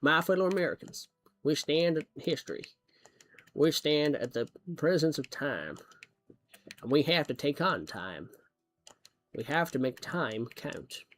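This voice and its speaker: A man putting on the voice of a male American president giving a solemn speech in slow, grandiose oratory. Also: a little high, animated, a bit bright, a little hiss or hum.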